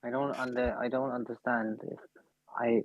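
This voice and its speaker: A man's voice: medium pitch, little pitch movement, normal speed, no room sound, muffled recording. A man playing a tabletop game, talking hesitantly and stammering. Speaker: player. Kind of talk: casual tabletop play.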